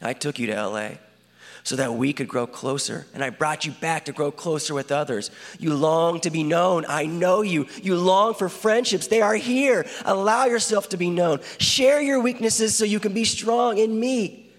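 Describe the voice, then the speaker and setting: A man's voice: high voice, moderate pace. A man voicing God as a loving fatherly creator in a spoken-word dramatic monologue, talking earnestly and intimately to one listener. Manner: earnest, intimate direct address. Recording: long hall reverb.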